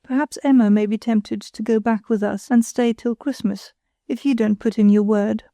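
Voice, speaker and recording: A woman's voice: fairly high pitch, fairly even intonation, normal speed, dark tone, no room sound, clean studio sound, lightly acted. A woman doing a showy, condescending society wife. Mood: patronizing. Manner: chattering and condescending. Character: pretentious, self-satisfied married woman, showy.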